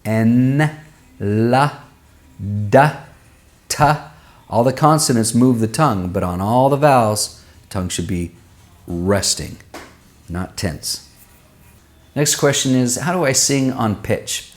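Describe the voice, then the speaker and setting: A man working as a vocal coach, answering viewers' singing questions and demonstrating vowels and pitches with his own voice. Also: expressive, measured pace, long pauses. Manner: explanatory, uses everyday comparisons.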